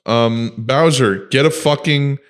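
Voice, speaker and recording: A man's voice: medium pitch, slow. A man hosting a podcast in casual chat, ranting and swearing freely. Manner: profane, ranting. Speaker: podcast host.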